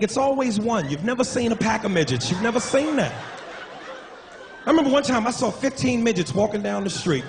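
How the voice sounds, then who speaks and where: A man doing a crude, animated stand-up comedy set on a club stage with a handheld mic. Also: high-pitched, a little fast, creaky, a crowd in the background. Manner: crude, animated, profane jokes. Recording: noisy live club recording. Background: audience laughter.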